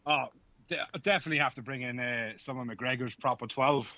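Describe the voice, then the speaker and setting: An Irish man guests on a casual podcast, trading dry, self-deprecating jokes. His voice is strikingly bright with a sharp edge, and it sits at a mid pitch. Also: fairly quick. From Ireland.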